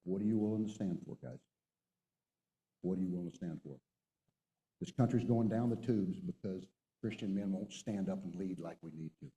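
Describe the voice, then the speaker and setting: A middle-aged man with a very dark, mellow voice gives a motivational talk from a stage to a group of men. He tells war stories and exhorts his listeners with emphatic, punchy delivery. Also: deep voice, moderate pace, long pauses, in a large hall, rough recording. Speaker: retired Marine colonel speaker. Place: stage before an audience.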